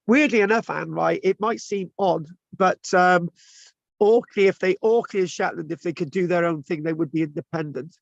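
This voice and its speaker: A man's voice: sits high, moderate pace, vocal fry, dry recording. A man giving an informal lecture to a class, chatty and full of restarts and tag questions. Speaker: lecturer teaching an online class. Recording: dull lo-fi, dry sound.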